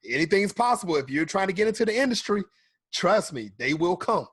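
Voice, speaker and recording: A man's voice: high-pitched, big pitch swings, fairly quick, a bit bright, slightly rough, no room sound. A male talk show host interviewing a guest, upbeat and talking to his audience. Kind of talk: interview hosting.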